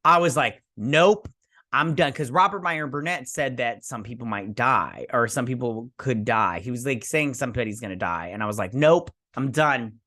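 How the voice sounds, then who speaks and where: A man's voice: medium pitch, brisk, few pauses, sharp tone, no echo, clean studio sound. A man casually recapping a TV episode, rambling and briefly acting out the characters' lines. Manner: rambling, acting out quotes in passing. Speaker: show recapper.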